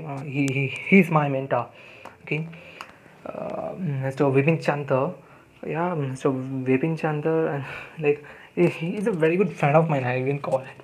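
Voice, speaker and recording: A man's voice: fairly high pitch, slight background noise, low-quality recording. A young man with an Indian English accent, telling a casual story with many fillers, restarts and repeated words. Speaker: podcast host.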